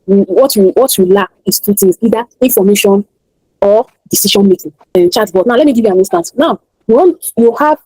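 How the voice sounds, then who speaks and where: Fast-talking Nigerian woman teaching a class. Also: mid-range voice, mellow, no room sound, poor audio. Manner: emphatic, repeats key points, motivational. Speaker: online class instructor.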